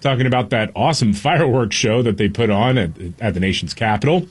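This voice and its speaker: Husky male co-host, wry news reader on radio. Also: medium pitch, fast talker. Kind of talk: casual radio banter.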